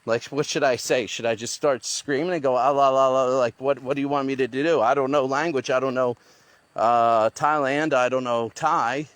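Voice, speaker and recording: A man's voice: medium pitch, fairly even intonation, normal speed, no echo. A man vlogging as he hikes through the jungle outdoors, thinking aloud as he goes. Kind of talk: talking to camera while hiking. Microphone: handheld phone.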